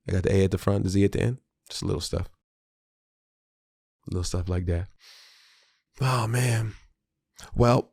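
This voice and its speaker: A man with a low, gravelly voice gives a solo podcast monologue. He talks in a candid, slangy and reflective way and restarts his sentences often. His tone is dark and mellow. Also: dry recording, studio quality. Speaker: podcast host; father of a small child.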